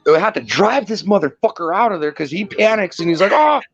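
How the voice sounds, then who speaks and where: A man's voice: high-pitched, lively intonation, fast, no echo, dull audio. A man telling a long rambling story in casual chat, swearing and laughing often.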